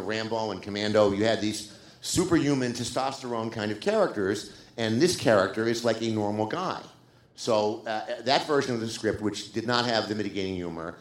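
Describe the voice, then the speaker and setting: Older male screenwriter, low voice, animated raconteur, live theater echo. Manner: animated storyteller, acts out quotes. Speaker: screenwriter guest. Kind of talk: live stage interview anecdote. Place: theater stage. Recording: roomy live theater sound.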